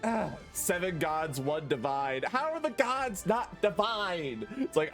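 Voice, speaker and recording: A man's voice: high voice, huge pitch swings, a little slow, hardly any pauses, fairly bright tone, faint music behind. A man streaming a video game, chatting casually, swearing and laughing as he talks. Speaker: gaming streamer. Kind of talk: casual let's-play chat.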